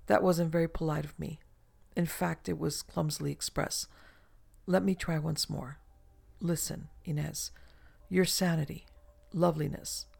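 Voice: medium pitch, gravelly, darkish tone. A reader voicing a lonely, earnest castaway man in an audiobook, pleading eagerly. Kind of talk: audiobook reading.

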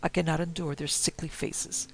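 A man's voice: fairly high pitch, flat delivery, moderate pace, gravelly. A man voicing a desperate vain rich lady. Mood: imperious. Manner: pleading then commanding, raving. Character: vain, dying rich woman, desperate and imperious.

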